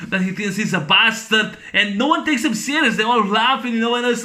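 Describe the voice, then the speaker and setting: Bright-voiced rambling man reviewing a movie. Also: high-pitched, a little fast. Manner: rambling, full of fillers and "you know"; laughs often while retelling scenes. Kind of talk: casual spoken movie review.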